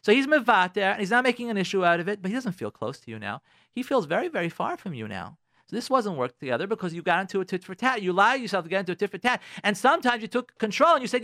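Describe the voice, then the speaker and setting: Animated preachy New man. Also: high-pitched, fast talker, no room sound, clean studio sound. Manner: preachy, lots of rhetorical questions and repetition. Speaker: marriage advice speaker. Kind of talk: radio talk, moral advice to couples. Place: radio studio.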